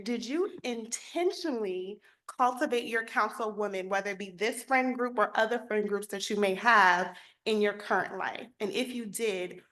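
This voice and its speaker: A woman moderating a panel discussion, asking questions in a measured way. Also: mid-range voice, a bit bright.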